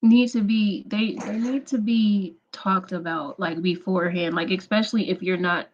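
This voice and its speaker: A woman's voice: mid-range voice, fairly even intonation, normal speed, lo-fi sound. A woman commenting on a clip, thinking aloud in a hesitant, casual way. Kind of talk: reaction commentary.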